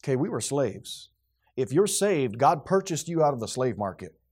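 A man's voice: mid-range voice, very animated, normal speed, darkish tone, slightly rough. A man preaching a sermon, building up with rhetorical questions and acted-out quotes. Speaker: pastor.

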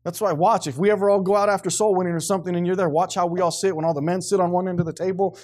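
Man, forties, blunt emphatic sermon, slightly high voice, gets loud and animated. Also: rapid-fire. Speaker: pastor.

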